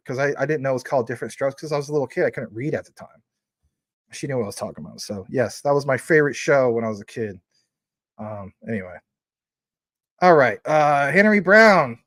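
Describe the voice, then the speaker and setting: A man in his forties hosting a laid-back livestream, rambling and chatty, with plenty of ums and thank-yous to his viewers. His voice sits a bit higher than most men's. The sound is close and dry, with no room echo. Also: fairly bright tone. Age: 40s. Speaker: crypto livestream host. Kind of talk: casual livestream chat, reading viewer super chats.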